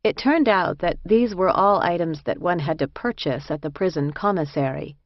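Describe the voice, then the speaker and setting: A woman with a low, gravelly voice reads a first-person memoir in a measured, reflective way. The recording is dry and a little dull, with no room around her. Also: no room sound. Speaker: audiobook narrator.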